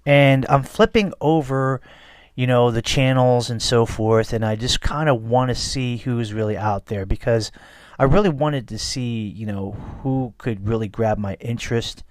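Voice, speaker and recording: A man's voice: mid-range voice, unhurried, dry recording, studio quality. A man hosting his own podcast, talking casually and earnestly on his own, with lots of "you know" fillers. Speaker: podcast host. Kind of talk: casual solo podcast monologue. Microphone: studio microphone.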